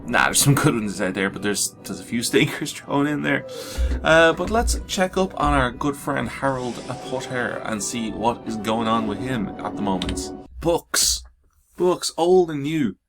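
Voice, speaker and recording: A man's voice: mid-range voice, normal speed, few pauses, music in the background. A man giving casual gameplay commentary full of joking, sarcastic banter. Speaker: gaming host.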